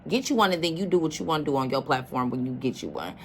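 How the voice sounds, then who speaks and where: A woman with a lowish voice chats her way through a reaction video, casual and emphatic and quick to address her listeners directly. A faint hiss sits under the recording. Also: expressive. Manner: chatty, emphatic, calls listeners "baby".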